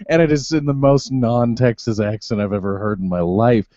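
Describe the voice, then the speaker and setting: A man's voice: mid-range voice, normal speed, no room sound, highs cut off. A man co-hosting a podcast in casual chat, rambling and laughing often. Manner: giggly, rambling, animated. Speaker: podcast co-host.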